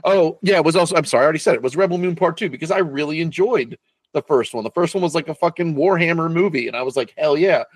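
Podcast guy, slightly high voice, stops and restarts a lot, dry sound. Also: husky, no room sound. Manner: halting, restarts sentences, casual profanity. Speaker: podcast co-host. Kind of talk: casual movie podcast chat.

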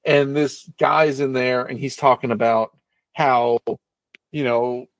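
A man's voice: medium pitch, steady tone, slow, no room sound. A man casually recapping a film plot in a rambling, swearing storytelling manner, as a co-host.

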